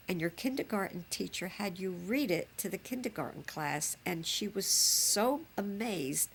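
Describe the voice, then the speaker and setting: A woman's voice: medium pitch, a little hiss or hum. An older woman, a grandmother reminiscing fondly in a chatty, rambling way. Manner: chatty, fond, rambling with fillers. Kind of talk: reminiscing home recording.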